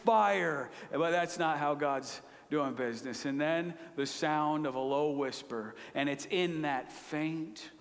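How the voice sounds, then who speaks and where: A man preaching a sermon, retelling a scripture story with dramatic shifts between pleading outbursts and hushed whispers. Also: on the high side, takes it slowly, gravelly, hardly any pauses. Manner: dramatic retelling, acting out voices with loud pleas and hushed whispers. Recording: long hall reverb.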